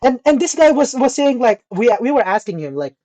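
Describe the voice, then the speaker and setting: Animated profane young man telling a story. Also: very high-pitched, fairly quick. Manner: animated, profane, mimics people in quotes. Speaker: podcast co-host. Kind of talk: casual storytelling chat.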